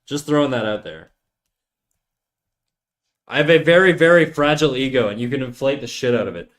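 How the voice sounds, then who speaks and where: A man's voice: medium pitch, brisk, fairly bright tone. A young man streaming while drawing, chatting with viewers in a joking, ranting way with lots of swearing. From United States. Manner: ranting, joking, heavy swearing, mock outrage.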